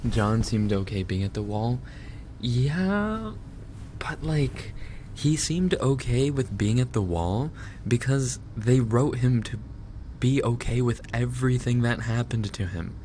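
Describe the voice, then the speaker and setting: A male streamer rants in a loose, exasperated way, swearing and laughing as he vents. He talks at an unhurried, drawn-out pace into a binaural dummy-head mic, with a faint hiss underneath his voice. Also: medium pitch. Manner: animated, exasperated ranting with laughs and profanity. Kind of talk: casual ranting chat.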